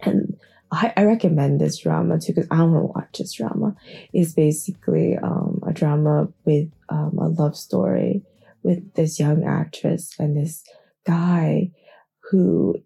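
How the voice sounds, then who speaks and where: A woman's voice: deep voice, steady tone, a little slow, gravelly, dark tone, husky. A young woman rambling casually on an early morning, chatty and giggly, a little groggy, swearing freely. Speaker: podcast host. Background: faint background music.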